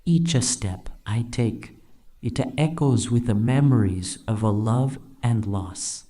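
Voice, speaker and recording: A man's voice: mid-range voice, slow pace, warm tone, close to an everyday voice. A text-to-speech man's voice doing a wistful, poetic old man with a stereotyped Italian accent.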